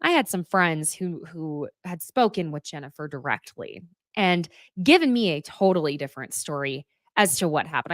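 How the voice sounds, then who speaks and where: A woman hosting a live recap, talking in a sassy, animated way, swearing and laughing often as she comments. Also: fairly low pitch, dry recording, clean studio sound. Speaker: host of a live recap show. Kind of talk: casual reality-TV recap commentary.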